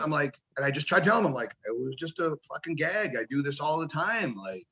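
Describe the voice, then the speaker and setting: A man's voice: mid-range voice, animated, moderate pace, sharp tone, muffled recording. A man, a pro wrestler, telling rambling, profane stories in a casual interview and acting out the voices of people he quotes.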